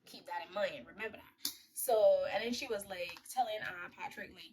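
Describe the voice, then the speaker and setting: Young woman vlogger, casual slangy movie recap, joking asides, mid-pitched voice. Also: moderate pace.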